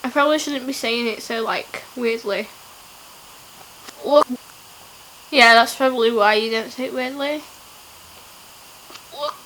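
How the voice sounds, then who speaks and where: A woman's voice: a little high, a little fast, few pauses, sharp tone, slight background noise, low-quality recording. Giggly young woman vlogging. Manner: giggly, playful, self-mocking. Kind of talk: casual challenge vlog.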